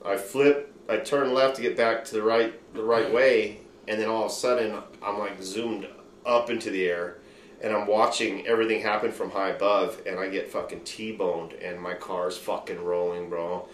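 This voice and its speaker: A man's voice: on the low side, fairly even intonation, moderate pace. A man hosting a podcast, telling a rambling, profane story in loose casual chat. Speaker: podcast host. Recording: roomy room with faint noise.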